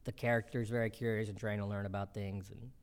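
A man in his thirties, a comedian being interviewed, telling quick, animated stories and acting out quotes. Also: on the low side, smooth. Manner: quick, animated storytelling with acted-out quotes and laughter. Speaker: comedian and show creator, guest. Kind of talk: casual interview.

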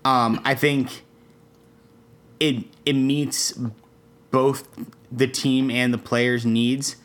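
Measured young man breaking down a deal. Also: mid-range voice, level tone, a bit bright. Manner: measured, analytical, with frequent ums and restarts. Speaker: podcast co-host. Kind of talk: casual sports podcast chat.

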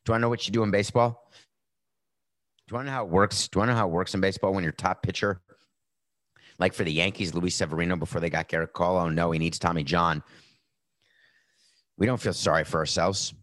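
A man's voice: deep voice, fairly even intonation, a little fast, pauses often, a bit bright, no echo. A middle-aged man hosting a sports talk show, giving a brash, sarcastic monologue with a tired, sore voice. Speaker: podcast host.

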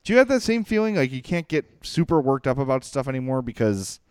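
Animated man co-hosting a sports podcast. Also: medium pitch, fast talker, smooth, no room sound, studio quality. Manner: animated, excitable. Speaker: podcast co-host. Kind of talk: casual sports chat.

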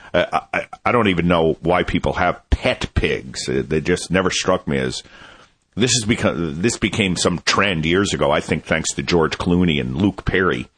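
A man's voice: deep voice, a bit bright, slightly rough. A man telling a casual, self-amused story on a radio show. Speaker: show contributor.

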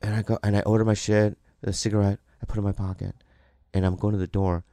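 A man's voice: on the low side, fast, dry recording. A man who is a podcast guest, telling a story in casual chat and acting out the people in it. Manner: animated, acts out the people in his stories.

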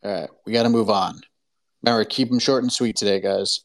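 A man hosting a live call-in show, ranting in an animated, opinionated way full of "like" fillers. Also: on the low side, fairly quick. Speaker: podcast host.

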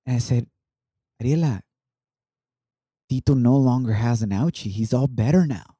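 A man's voice: mid-range voice, moderate pace, mellow, husky, dry recording. A man in his thirties sharing an emotional personal testimony on a podcast, reflective and heartfelt, mixing in Spanish words. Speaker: podcast co-host.

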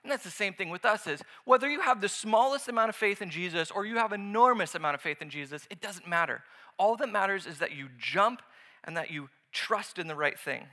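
A man preaching a sermon, lively and conversational, acting out voices when he tells stories. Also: high-pitched, fast talker, hardly any pauses. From United States. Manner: animated, acts out voices in anecdotes. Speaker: pastor.

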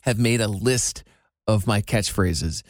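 A man's voice: on the low side, takes it slowly, dry recording, clean studio sound. A man from Iowa, a radio host, chatting casually and drawing his words out. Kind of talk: casual chat.

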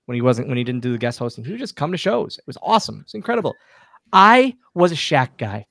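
Gravelly-voiced man telling wrestling stories. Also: mid-range voice, racing, no echo, studio quality. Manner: animated anecdotes, acts out quoted dialogue, many restarts. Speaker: guest, former pro wrestler and wrestling school owner. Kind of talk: casual interview storytelling. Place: podcast studio.

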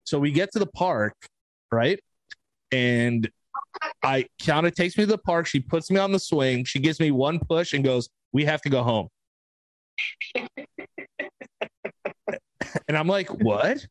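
A man's voice: fairly high pitch, animated, moderate pace, dry recording. A man in his twenties, co-hosting a podcast, telling a family story in a casual, rambling way and acting out the quotes. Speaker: podcast co-host.

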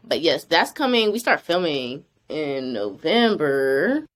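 A young woman guest in a casual interview, chatting in a relaxed way and laughing easily. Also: low-pitched, takes it slowly.

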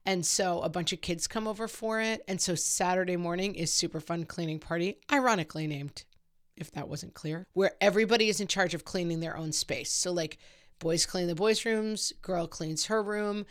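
A woman's voice: on the low side, normal speed. A woman hosting a casual parenting advice podcast, talking chattily with a self-deprecating humor and lots of "like"s.

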